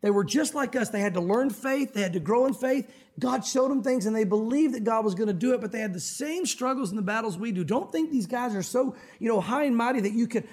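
A man preaching a sermon as a pastor, animated and acting out Bible scenes. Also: extremely high pitch, breathy edge. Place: church sanctuary.

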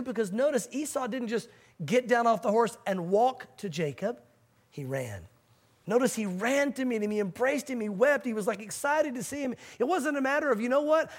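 A man preaching a sermon as pastor, animated and acting out the voices of panicked people. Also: very high-pitched.

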